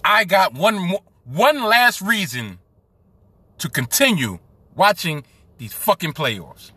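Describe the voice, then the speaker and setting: Brooklyn podcast host, New York accent, profane sports rant, high husky voice, sharp edge. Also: male voice, very animated, slow pace, no room sound. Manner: profane, heated ranting.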